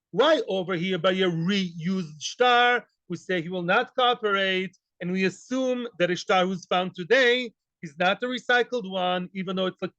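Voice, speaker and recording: A man teaching a daily Talmud class in an animated way, quizzing students and acting out the people in the case. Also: high voice, dry recording. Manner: animated, acts out quoted voices, mixes Hebrew and Aramaic terms; asks students questions. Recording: dull, lo-fi recording.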